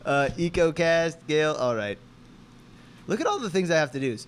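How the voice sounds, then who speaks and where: A man in his twenties co-hosting a casual comedy podcast, joking, laughing often, and reading aloud haltingly. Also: on the high side, very animated, smooth. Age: 20s. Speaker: podcast co-host.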